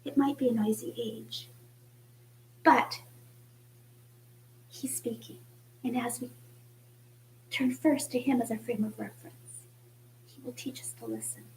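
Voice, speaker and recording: Woman preacher, high voice, gentle reflective sermon with hushed passages. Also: steady tone, a little slow, pauses often, slight background noise, poor audio. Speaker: church speaker. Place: church.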